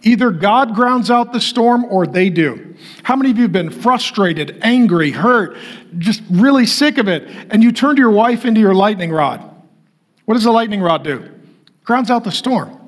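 A man's voice: high voice, animated, normal speed. A middle-aged man from North Dakota preaching a sermon to men in a direct, conversational way, asking the crowd to raise their hands. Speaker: pastor.

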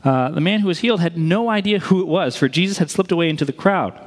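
A man preaching a sermon as pastor, speaking in a lively, conversational way and acting out quoted lines. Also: fairly high pitch, quick pace. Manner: animated, conversational, acts out quotes. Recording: reverberant hall.

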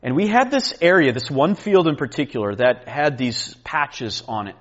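A man's voice: medium pitch, animated, normal speed, a bit bright, dull audio. A man preaching an earnest, emphatic sermon to a men's retreat, repeating key points and restarting phrases as he teaches. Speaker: pastor.

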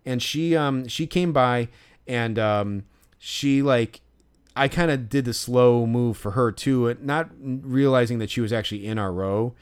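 A man's voice: mid-range voice, a little slow, clean tone. A young man and podcast co-host telling a long, profane, ranting story in casual chat.

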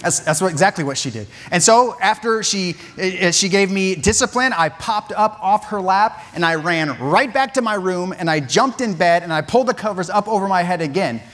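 A man preaching in a church, spinning a comic childhood story. His voice sits a little high, and he breaks into laughter as he tells it. The telling is animated and conversational, full of restarts. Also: moderate pace, hardly any pauses. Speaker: pastor. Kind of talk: sermon storytelling. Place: church sanctuary.

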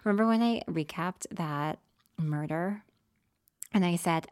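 A woman's voice: lowish voice, normal speed, a little mellow, no room sound, studio quality. A young woman co-hosting a podcast, chatty and self-deprecating, giving encouraging advice in casual conversation. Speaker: podcast co-host.

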